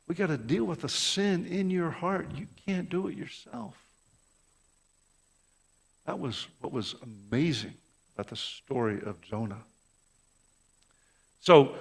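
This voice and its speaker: A man's voice: fairly high pitch, fairly bright tone. A male pastor delivering an impassioned sermon, full of rhetorical questions and repeated words, in a church. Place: church sanctuary. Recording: long reverb of a large hall.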